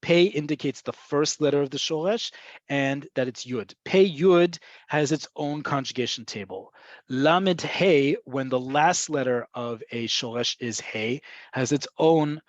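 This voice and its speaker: A man's voice: a little high, unhurried, dry recording, dull audio. A man teaching a beginner-level online lesson, explaining patiently with frequent ums and checking in with "right?". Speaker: Hebrew teacher. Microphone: video call.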